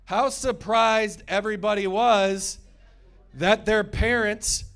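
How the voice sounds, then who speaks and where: A man's voice: high voice, steady tone, slow, fairly bright tone. A man in his thirties doing a stand-up comedy set, with crude, sarcastic crowd work. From United States. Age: 30s.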